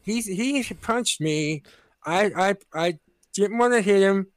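A man's voice: high voice, slow, clean tone, no echo. Rambling man telling a story on a podcast. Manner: rambling, full of restarts, acts out quoted voices. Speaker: podcast co-host. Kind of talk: casual storytelling chat.

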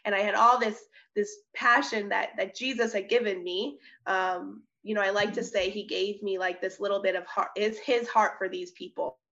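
A young woman, a missionary, telling her personal testimony in an interview, earnest and animated, often laughing and restarting her sentences. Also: medium pitch, moderate pace, hardly any pauses. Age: young adult. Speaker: missionary guest. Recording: slightly dull audio.

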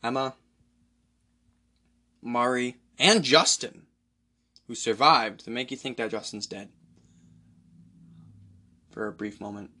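A man hosting a solo podcast, rambling excitedly and profanely through a movie recap. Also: medium pitch, slow, long pauses. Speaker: podcast host.

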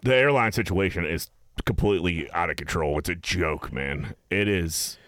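A man's voice: low voice, moderate pace, fairly bright tone, dry recording, clean studio sound. A man hosting a podcast, chatting in a laid-back, profane way full of "dude" and "like". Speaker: podcast host. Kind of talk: casual podcast banter.

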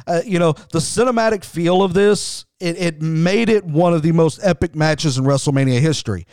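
Man, middle-aged, podcast host, enthusiastic, conversational, slightly high voice, smooth, dry sound. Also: moderate pace, a little mellow, no room sound. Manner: enthusiastic, conversational, frequent restarts. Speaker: wrestling show host. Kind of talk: podcast commentary.

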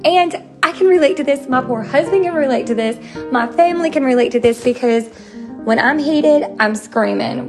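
A woman, hosting a podcast in a chatty, expressive way. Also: a little high, gravelly. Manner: chatty and expressive, bursts into loud acted quotes. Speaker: podcast host. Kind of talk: casual solo podcast talk.

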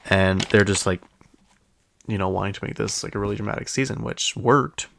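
A young man hosting a podcast gossips casually about reality TV, rambling with many fillers. He talks fairly quickly in a low-leaning, gravelly, slightly bright voice, and there's a little hiss or hum.

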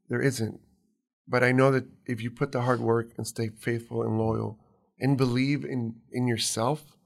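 Male interview guest, gravelly, calm and soft-spoken storyteller. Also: mid-range voice. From immigrant to New York. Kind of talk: conversational storytelling.

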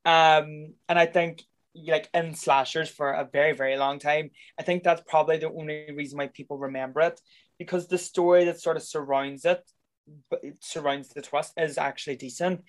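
A man's voice: fairly high pitch, fairly even intonation, normal speed. A man in casual conversation, bluntly and profanely ranting as he reviews a film. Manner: blunt, sweary, exasperated ranting.

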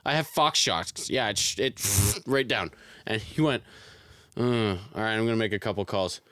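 A man's voice: on the low side, animated, moderate pace, a bit bright, clean tone, no room sound, clean studio sound. A young man casually telling a profane story on a podcast and laughing often. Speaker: podcast co-host. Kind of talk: casual chat.

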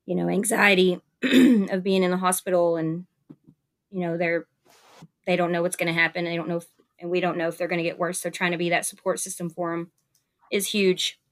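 A Southern US woman who works as a nurse chats casually in an interview, telling upbeat stories packed with fillers. Her fairly low voice shows little pitch movement and runs a little fast.

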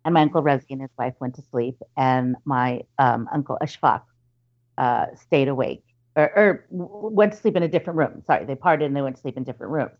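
A woman's voice: extremely low pitch, a little fast, highs cut off. Woman telling a family story. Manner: chatty, many fillers and restarts, acts out relatives' voices. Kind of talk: casual storytelling.

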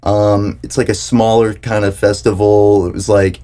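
A young man from South Carolina hosting a podcast in relaxed casual chat, rambling and saying "dude" and "like" a lot. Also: on the low side, moderate pace. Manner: laid-back, rambling, heavy on "dude" and "like". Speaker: podcast host.

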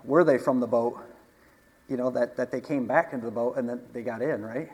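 A man's voice: mid-range voice, a little fast, a little mellow, breathy edge. A man preaching a casual sermon, talking conversationally, asking the congregation questions and chuckling often. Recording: long hall reverb.

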